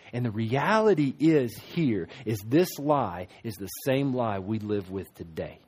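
Husky-voiced man preaching a sermon. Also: fairly low pitch. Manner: emphatic, swings from loud to hushed. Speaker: pastor.

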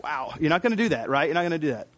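A man preaching a sermon in a relaxed, conversational way, telling stories from home with quick asides. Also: a little high. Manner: chatty, storytelling, with quick asides and laughs. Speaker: pastor.

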